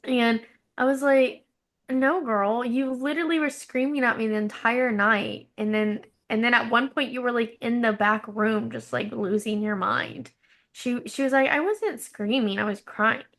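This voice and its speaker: A woman's voice: fairly high pitch, steady tone, moderate pace, a bit bright. A woman co-hosting a podcast, telling a long story in casual chat, rambling with fillers and acting out quoted dialogue. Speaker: podcast co-host.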